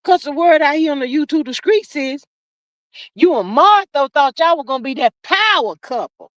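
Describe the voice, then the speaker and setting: A woman's voice: high-pitched, animated, moderate pace, dry recording. A woman hosting a casual livestream, reading out chat comments in a drawling, sassy, preachy way. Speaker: livestream host.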